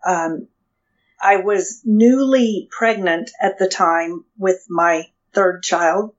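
A woman being interviewed as a guest, telling a personal story in a halting way with frequent restarts. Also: fairly low pitch. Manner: hesitant, halting with restarts and fillers. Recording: dull lo-fi sound.

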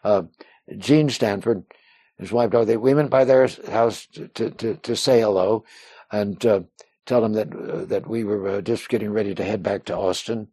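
The interview guest's voice is mellow, warm, husky and on the low side, moving at a normal speed as he tells a personal story. It wanders, doubling back with frequent restarts and "uh" fillers, and he takes on other people's voices to quote them. The sound is close and dry, without echo.

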